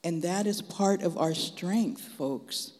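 Animated man preaching in a reverberant hall. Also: high voice, takes it slowly. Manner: animated storytelling, frank and folksy. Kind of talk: testimony preaching.

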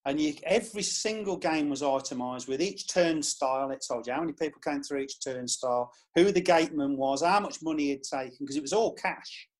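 A man who is a club historian, telling lively anecdotes in a podcast chat. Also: a little high, a little fast, hardly any pauses.

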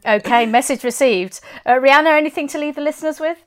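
A woman's voice: high voice, quick pace. A woman hosting a podcast, upbeat and encouraging as she chats with guests. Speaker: podcast host. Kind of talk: casual chat.

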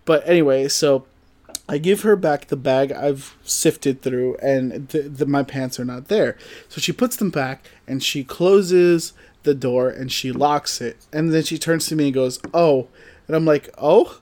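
A man's voice: medium pitch, unhurried, darkish tone. A young man casually telling a long, funny story, acting out the quoted lines, swearing and laughing as he goes. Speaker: podcast co-host telling a story.

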